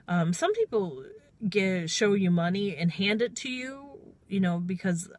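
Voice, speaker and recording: A woman's voice: mid-range voice, big pitch swings, unhurried, a little mellow. A middle-aged woman taxi driver telling a story in a chatty, rambling way, often quoting herself with "I'm all". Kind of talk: casual storytelling vlog.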